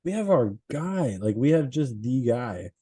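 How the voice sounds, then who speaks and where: A young man co-hosting a sports podcast, excitable and swearing, laughing often as he talks. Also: medium pitch, unhurried, husky. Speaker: podcast co-host.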